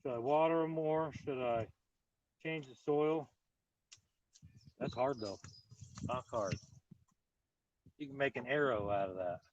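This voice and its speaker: Speaking a little slowly in a mid-range voice with long pauses, this garden channel host is captured in lo-fi sound with a bit of hiss or hum. He's doing a laid-back outdoor live-stream garden tour, rambling to viewers in a friendly-plain manner. Filming is on a phone or camera, first on a tripod, then handheld while walking.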